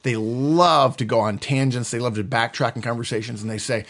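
A middle-aged man co-hosting a podcast, talking quickly and animatedly. His voice sits at an ordinary middle pitch, and laughter keeps breaking into his talk. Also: vocal fry. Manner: fast, animated, frequent laughter. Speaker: podcast co-host. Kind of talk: animated casual chat.

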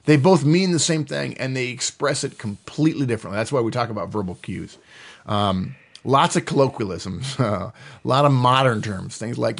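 A middle-aged man hosting a podcast, explaining in a casual, animated way and acting out quoted voices. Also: mid-range voice, normal speed, gravelly. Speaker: podcast host.

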